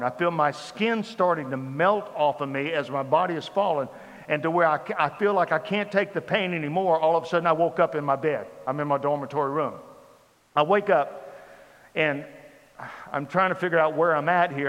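A man giving a sermon testimony, telling his story with lively repetition. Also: a little high, in a large hall, muffled recording. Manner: animated storytelling with repeated phrases. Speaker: preacher.

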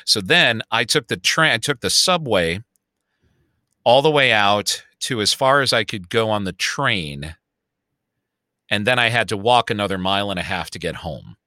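Chicago man, fifties, podcast co-host, animated storyteller, crisp and bright voice, dry recording. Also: fairly low pitch, normal speed, dry recording. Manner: storytelling, animated, swears freely. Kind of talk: casual chat.

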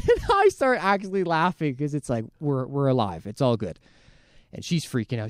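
Animated storytelling man, dry close sound. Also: on the high side, normal speed, no room sound. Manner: animated storyteller, swears a lot, acts out quotes. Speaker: podcast co-host. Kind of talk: casual storytelling chat.

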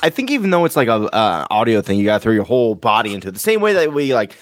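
Lively man, teasing banter. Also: on the low side, racing, noisy background. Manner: animated, teasing, swears freely. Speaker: podcast co-host. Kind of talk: casual livestream chat.

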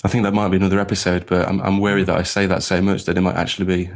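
Man, very low voice, rambling podcast chat, self-mocking, lots of fillers. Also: little pitch movement, racing. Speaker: podcast co-host.

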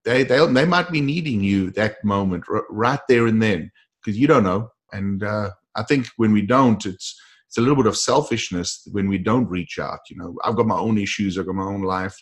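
Man, host, faith-based talk, encouraging, somewhat low pitch. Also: lively intonation, normal speed. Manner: encouraging, preacher-like.

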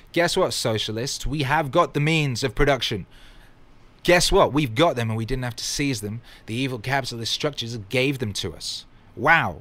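A man hosting a motivational livestream, talking emphatically with bursts of exclamation and swearing, and reading out viewer comments. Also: medium pitch. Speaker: livestream host.

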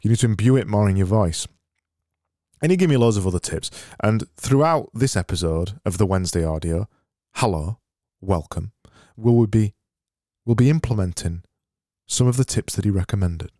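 A man's voice: lowish voice, expressive, moderate pace, dark tone, dry recording. A British man hosting a podcast, rambling through a comic monologue with stumbles and dry, self-mocking humor. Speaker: podcast host. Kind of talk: casual comedic monologue.

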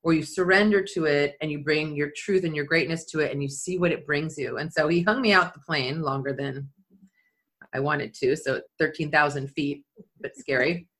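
Woman, storytelling, animated, somewhat low voice, quotes in high bursts. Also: moderate pace. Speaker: skydiving athlete and leadership speaker. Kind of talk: storytelling in conversation.

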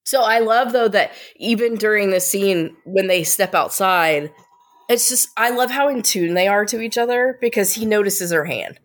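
A woman's voice: mid-range voice, moderate pace. A woman co-hosting a casual TV recap podcast, laughing often and adding thoughtful asides. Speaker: co-host.

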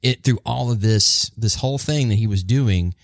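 Deep-voiced man, animated storyteller. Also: moderate pace, no echo, studio quality. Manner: animated storyteller, acts out quotes. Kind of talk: casual chat.

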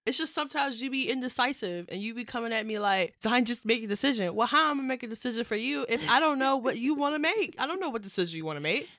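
A woman's voice: a little high, lively intonation, quick pace, hardly any pauses, sharp tone, dry recording, studio quality. A young woman co-hosting a casual podcast with her mother, playful and prone to exaggerating with mock indignation. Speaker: podcast co-host, daughter. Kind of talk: casual family podcast chat.

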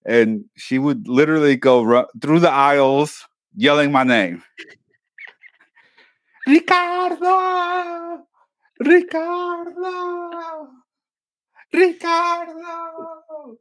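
A man co-hosting a podcast, chatting casually and telling lively stories about his family. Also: medium pitch, normal speed, no room sound, studio quality. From Mexican family background. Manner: animated storyteller, mimics his mother yelling. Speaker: podcast co-host. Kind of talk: casual chat.

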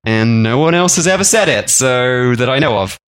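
A man's voice: medium pitch, lively intonation, normal speed, a bit bright, smooth. Chatty Australian man co-hosting a podcast. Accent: Australian with a slight English tinge. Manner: chatty, jokey, rising into exaggerated mock outrage. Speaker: podcast co-host. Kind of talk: casual chat.

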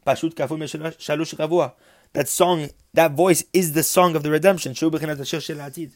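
A man's voice: on the high side, steady tone, brisk. Man teaching a Torah text. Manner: explains Hebrew terms then translates them; rhythmic, repeats phrases with rising emphasis. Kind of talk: religious text lesson.

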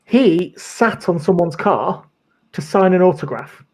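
A man's voice: sits high, expressive, a little slow, a little mellow, poor audio. A man, a former lawyer, telling stories as a podcast guest in a chatty style, swearing and laughing often. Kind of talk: casual chat, storytelling.

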